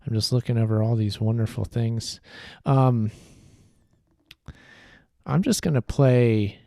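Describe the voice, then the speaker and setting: A man hosting a podcast livestream in a relaxed, rambling way with many fillers. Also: mid-range voice, slow, vocal fry, dry recording, studio quality. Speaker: podcast host. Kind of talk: casual livestream chat.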